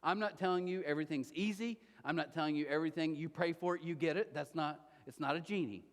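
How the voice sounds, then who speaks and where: A man preaching a sermon as pastor, animated and conversational, often acting out quotes. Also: fairly high pitch, quick pace. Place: church auditorium. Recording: long hall reverb.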